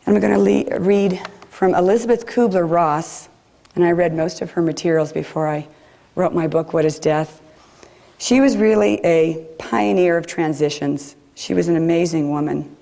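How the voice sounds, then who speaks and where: Brief: woman preacher, gentle and reflective, low voice with a mellow tone. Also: normal speed, gravelly. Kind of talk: sermon. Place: chapel.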